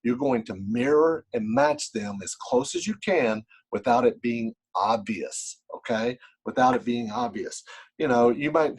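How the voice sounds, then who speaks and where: A man's voice: mid-range voice, very animated, a little slow, gravelly, husky, poor audio. A man giving a casual instructional talk about buying property, talking straight to the viewer and checking in often with "right?" and "okay?". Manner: demonstrates by acting out phone calls. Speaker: real estate investor teaching.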